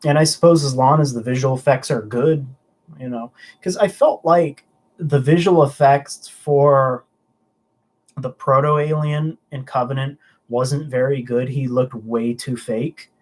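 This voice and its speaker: A man's voice: mid-range voice, fairly even intonation, unhurried. A young man hosting a casual livestream, chatting loosely and answering viewer comments with frequent restarts. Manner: rambling, chatty, stumbling restarts. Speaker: livestream host.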